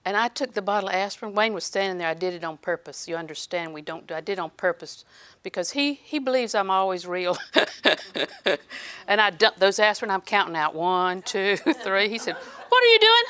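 A middle-aged woman preaching a sermon in an animated way, acting out little scenes and laughing. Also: medium pitch, fairly quick, smooth.

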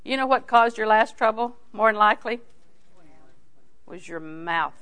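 An older woman with a slightly high, smooth, unhurried voice preaches in a folksy, storytelling way, with the easy manner of a longtime Bible teacher. Animated, she hits key phrases loudly and then drops into near-hushed asides.

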